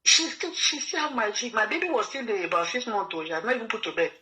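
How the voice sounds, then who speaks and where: A Nigerian man pours out his story at a quick clip, circling back over the same words as he pleads his case. His voice is bright and forward, and he keeps slipping into the voices of the people he quotes. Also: high voice, very animated, poor audio. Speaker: guest telling his story. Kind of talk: emotional personal testimony.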